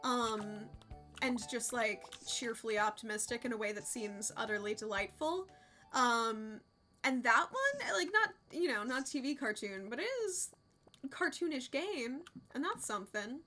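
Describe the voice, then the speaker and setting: A young adult woman streaming a game and chatting casually, expressive and quick to swear. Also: on the high side, faint music behind. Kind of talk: casual livestream chat while gaming.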